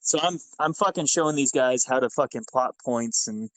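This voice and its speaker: A man's voice: medium pitch, moderate pace, no room sound, rough recording. Ex-soldier guest, male, casual and profane, acts out every quote, dry mic. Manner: profane, animated, acts out dialogue. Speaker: podcast guest, former Army sergeant. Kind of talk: casual storytelling.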